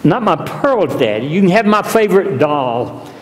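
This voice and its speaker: A man's voice: fairly high pitch, sing-song, moderate pace, pitched above the performer's own voice. A man voicing a sweet little girl who pleads to keep her treasures, in a large reverberant hall. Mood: pleading. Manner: tearful, earnest pleading.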